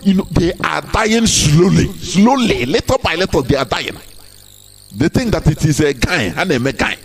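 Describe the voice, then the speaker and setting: A man with a Nigerian Igbo accent giving a live broadcast speech, emphatic and full of repeated rhetorical questions. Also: high-pitched. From southeastern Nigeria. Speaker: activist broadcaster.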